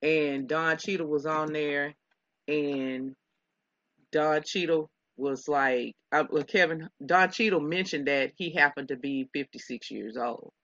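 A woman's voice: low-pitched, a little slow, a bit bright, no room sound, highs cut off. A woman co-hosting a casual gossip chat, rambling and laughing often with many restarts. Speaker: podcast co-host.

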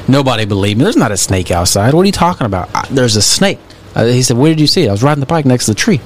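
A man's voice: medium pitch, expressive, racing, slight background noise. A man co-hosting a podcast, telling rambling stories in casual chat. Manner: rambling storyteller, lots of fillers and repeats. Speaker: podcast co-host.

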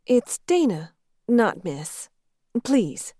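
A woman's voice: mid-range voice, sing-song, a little slow, darkish tone, dry recording, clean studio sound. A woman reader voicing a shy, flustered young woman office worker who stammers nervously.

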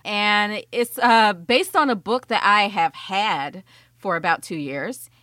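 A woman co-hosting a podcast in casual chat, animated and emphatic, blunt and profane, often laughing as she talks. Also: mid-range voice, takes it slowly, dry recording, clean studio sound. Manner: laughs often while talking. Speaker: podcast co-host.

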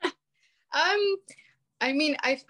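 A woman's voice: sits high, extremely slow, a bit bright. A woman with a British accent in casual chat on a video call, chatty, laughing often, with many fillers. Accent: British English. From United Kingdom.

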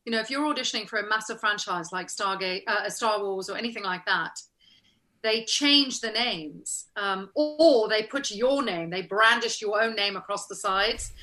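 A middle-aged actress telling stories in a casual interview, animated and laughing often, acting out the lines she remembers. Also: mid-range voice, normal speed.

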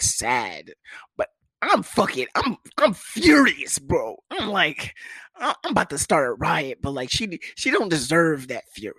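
A young man from the United States telling a comedic personal story, swearing freely and jumping into high voices to imitate others. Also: pushed and bright, breathy edge, dry recording.

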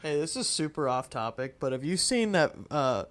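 A man co-hosting a podcast in casual comedic chat, teasing his co-host deadpan and retelling funny clips. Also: a little high, moderate pace.

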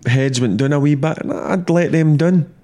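A middle-aged man, a former player, talking football in a blunt, animated, repetitive way. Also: a little high, moderate pace. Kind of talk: casual football chat.

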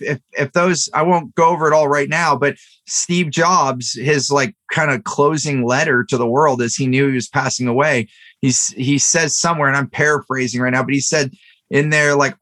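A middle-aged man speaking on a podcast in a slightly high, bright, forward voice. He tells personal stories in an earnest, motivational manner, loose and chatty with frequent fillers. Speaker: podcast host. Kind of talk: casual podcast conversation.

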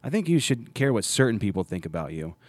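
A man's voice: on the low side, big pitch swings, quick pace, dry recording. A man hosting a podcast in casual chat, rambling and restarting his sentences often. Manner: rambling, self-interrupting, many restarts. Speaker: podcast host.

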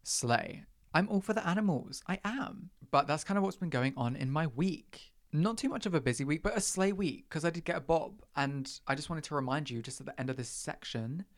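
A man's voice: fairly quick, few pauses. Chatty young man. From England. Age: young adult. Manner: chatty, self-mocking, expressive with sudden high pitch jumps. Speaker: podcast host. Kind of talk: casual chat.

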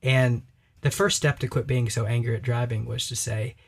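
A man's voice: mid-range voice, steady tone, moderate pace, vocal fry, slightly rough. A man co-hosting a religious podcast, talking emphatically and preachily and acting out quoted voices in casual discussion. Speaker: podcast co-host.

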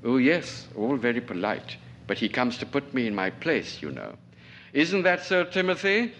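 Guy reading out a bossy sneering colonel, snappy and cold, pitch jumps around a lot. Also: very animated, moderate pace, a little hiss or hum. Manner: clipped, scornful, sudden sharp outbursts. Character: stern aging male colonel, cutting, domineering.

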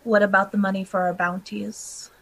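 Woman player, plain mid-pitched voice, short matter-of-fact lines. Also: flat delivery, moderate pace, fairly bright tone, low-quality recording. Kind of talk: casual tabletop game chat.

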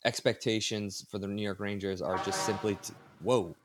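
Low-pitched man chatting on a podcast. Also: fairly even intonation, moderate pace, background noise. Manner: conversational, many restarts and asides. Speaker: podcast co-host. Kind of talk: casual sports podcast chat.

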